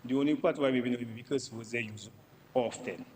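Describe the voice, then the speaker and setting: A man's voice: mid-range voice, a little fast, a little mellow. A man with a Dominican accent giving an emphatic parliamentary budget debate speech, repeating himself for emphasis and addressing the Speaker. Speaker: member of parliament. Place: parliament chamber. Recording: long chamber reverb with faint background noise.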